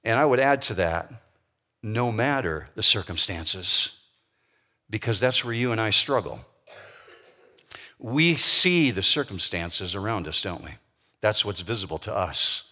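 A man's voice: on the low side, unhurried, bright, forceful tone. A middle-aged man preaching a sermon, telling a personal story in a conversational way and asking his listeners questions. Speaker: pastor.

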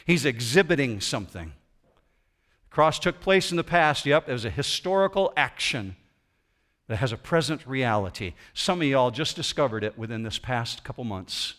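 A man preaching a sermon as pastor in a church auditorium, swinging between loud emphasis and quiet intensity. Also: mid-range voice, very animated, moderate pace.

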